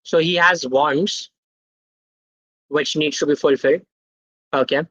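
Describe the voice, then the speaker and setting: A man's voice: fairly high pitch, fairly even intonation, takes it slowly, a bit bright, dry recording, lo-fi sound. A young man, teaching a live online workshop. He quizzes the chat and keeps checking in with "okay?". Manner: interactive, quizzes the chat, tags sentences with "okay?". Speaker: guest speaker at a student tech workshop.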